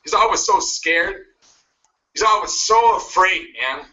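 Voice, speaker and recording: A man's voice: high voice, moderate pace, pushed and bright, a little hiss or hum. A man giving a pushy motivational speech, cracking jabs and laughing at his own lines. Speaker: motivational speaker. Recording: muffled video played back from a distance.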